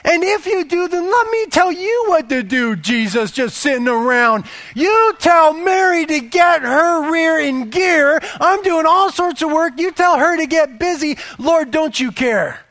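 A man putting on a shrill frantic woman. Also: measured pace, a bit bright, no echo. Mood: exasperated. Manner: shrill, whining complaint. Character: frantic exasperated woman complaining.

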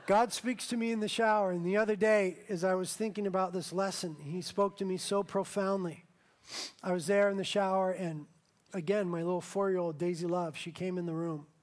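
A man pastor preaching a sermon, telling a story with slow, emphatic swells and quiet, tender passages. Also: high-pitched, steady tone.

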